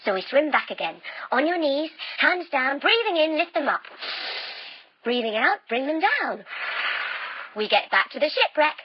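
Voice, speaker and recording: A woman guiding children through yoga poses as an adventure story, playful and exaggerated, full of little sound effects. Her voice sits high and leaps wildly in pitch. The sound is dry and a little muffled. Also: sing-song, moderate pace, long pauses, no room sound. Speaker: kids yoga teacher.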